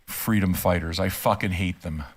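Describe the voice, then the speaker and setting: A man's voice: low voice, steady tone, normal speed, husky. An older man streaming a reaction and ranting casually from his room, profane, emphatic and heated. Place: home room.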